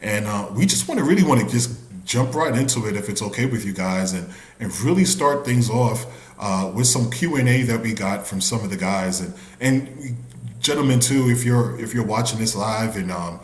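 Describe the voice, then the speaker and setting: A man hosting a church men's ministry live stream, animated and chatty, with many restarts and shout-outs. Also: lowish voice, moderate pace, reverberant. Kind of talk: upbeat casual hosting.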